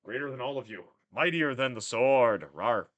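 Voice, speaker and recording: A man's voice: mid-range voice, animated, moderate pace, a bit bright, lightly acted. A man voicing a big boastful world-eating monster, mock-menacing and growling. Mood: mock menace.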